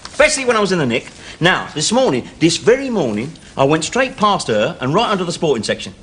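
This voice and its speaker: A man's voice: fairly high pitch, sing-song, fast talker, fairly bright tone, slight background noise. An actor in his forties playing a sardonic Cockney ex-convict with teasing banter. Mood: wry. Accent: London Cockney. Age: 40s. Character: wisecracking Cockney ex-convict, forty-five, dry and sardonic.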